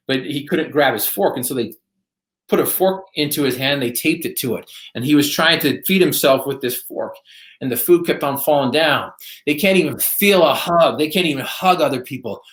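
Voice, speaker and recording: An earnest man tells a motivational story with steady emphasis. His voice sits at an ordinary pitch. The recording carries a noticeable roomy echo. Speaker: podcast guest.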